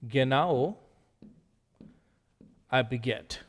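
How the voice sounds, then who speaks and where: A man leads a vocabulary drill at a very slow, deliberate pace, repeating each word and its meaning. His voice sits at an ordinary pitch and carries a long reverb tail. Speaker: Greek teacher.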